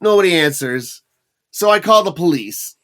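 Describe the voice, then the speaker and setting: A man in his thirties co-hosting a podcast, telling a long story in a profane, animated way. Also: on the high side, normal speed. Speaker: podcast co-host. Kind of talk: casual storytelling chat.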